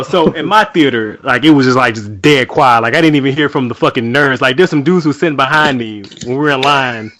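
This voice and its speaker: A man on a podcast with a wry, deadpan way of telling a story, swearing freely. His voice is a bit high and the recording is dry. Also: dry recording. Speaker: podcast guest. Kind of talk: casual podcast chat.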